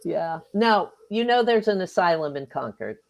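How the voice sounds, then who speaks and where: A woman author talking easily on a radio interview, her voice sitting a little low. She's chatty, laughs a lot, and slips into quick little voices when she retells what she once said or thought. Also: lively intonation, vocal fry. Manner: chatty, laughs often, acts out her own past remarks. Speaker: author guest. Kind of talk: casual interview chat.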